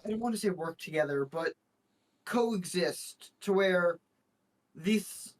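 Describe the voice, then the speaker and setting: A man's voice: high voice, expressive, slow. A man playing a tabletop game, talking in a rambling, hesitant way with many restarts. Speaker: player. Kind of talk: casual tabletop game chat.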